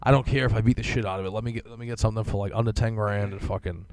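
A man's voice: fairly low pitch, fairly even intonation, rapid-fire, darkish tone. A young man on a casual podcast, ranting through a profane story with lots of fillers. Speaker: podcast co-host.

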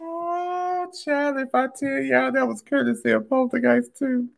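A vlogger in a casual commentary monologue, animated and exclamatory, swearing freely and cackling often. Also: high-pitched, a little slow, gravelly, soft background music.

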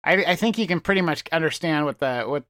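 A man riffing through improvised comedy banter on a podcast. He rambles and lets his sentences sink into quiet mumbles. The sound is dry and close, with no room echo. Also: quick pace. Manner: rambling, mumbly, trailing off into low murmurs.

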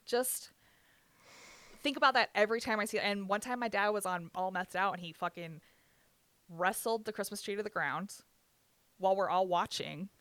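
A woman's voice: medium pitch, a little fast, a bit bright, dry recording. A young woman telling an emotional personal story in candid conversation, swearing freely and laughing through the pain.

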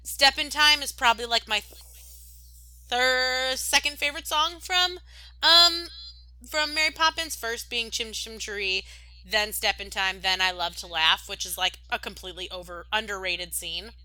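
A young woman co-hosting a podcast, rambling warmly and with plenty of fillers in casual chat. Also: fairly high pitch, normal speed, dry recording, low-quality recording. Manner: gushing, rambling, many "like"s. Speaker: podcast co-host.

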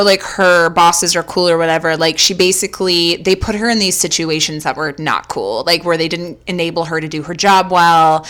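Bright, animated woman podcast host. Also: fairly low pitch. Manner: animated, swearing, storytelling. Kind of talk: casual podcast chat.

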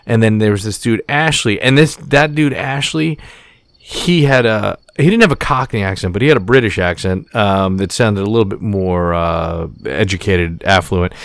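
Podcast guy rambling, cussing, lowish voice, dry sound. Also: no room sound. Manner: rambling, profane storytelling with many restarts. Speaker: podcast co-host. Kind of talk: casual chat.

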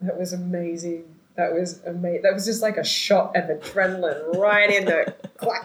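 A woman telling a story in casual chat, animated, laughing often and acting out the voices of the people she quotes. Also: lowish voice, normal speed. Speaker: storyteller in a conversation. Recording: roomy echoey recording.

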